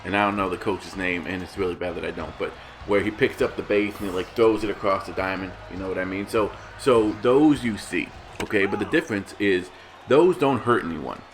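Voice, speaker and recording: A man's voice: deep voice, fairly quick. A man ranting in a casual vlog commentary, rambling and heated, with many restarts. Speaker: gaming vlogger.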